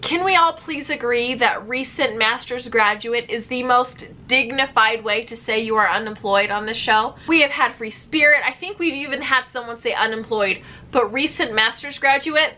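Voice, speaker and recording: A young woman giving animated, sarcastic reaction commentary as a vlogger. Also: a little high, normal speed, few pauses. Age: young adult.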